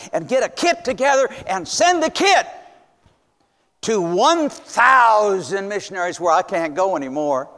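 Older man in his seventies, folksy preacher, high-pitched, stammers and whoops, sermon in a reverberant church. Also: a bit bright. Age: 70s. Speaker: visiting missions preacher. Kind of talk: storytelling sermon. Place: church sanctuary.

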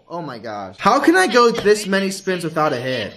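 A man streaming a live casino game, pleading and chanting at the wheel and breaking into loud shouts. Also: high voice, wildly swooping pitch, normal speed, hardly any pauses. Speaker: gambling streamer. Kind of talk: excited live casino commentary.

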